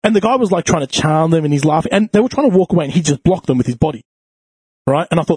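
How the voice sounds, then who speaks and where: Aussie bloke rattling off a sweary story, quick and husky, dry mic. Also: male voice, fairly high pitch, no room sound. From Australia. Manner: crude, animated storytelling with frequent swearing. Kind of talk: casual podcast chat.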